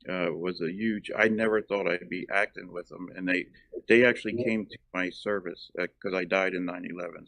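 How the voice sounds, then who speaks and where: A middle-aged man from South Jersey tells stories as an interview guest. His voice is very low with a gravelly edge, and he wanders through his answers with many fillers. The sound is dry and close. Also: dry recording. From South Jersey, USA. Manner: rambling, lots of ums and uhs. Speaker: actor and former firefighter, guest. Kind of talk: casual interview chat.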